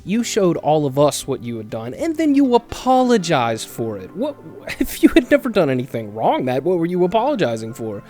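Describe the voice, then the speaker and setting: A man hosting his own commentary video, talking haltingly with fillers and the odd sigh. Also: fairly high pitch, dark tone. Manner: hesitant, with fillers and sighs. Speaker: YouTube commentator.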